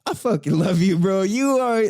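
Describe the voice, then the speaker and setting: A man's voice: high voice, lively intonation, moderate pace, darkish tone, no echo, clean studio sound. A man hosting a podcast on his own, rambling in a casual, profane way, with frequent laughs. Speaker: podcast host. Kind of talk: casual solo podcast monologue.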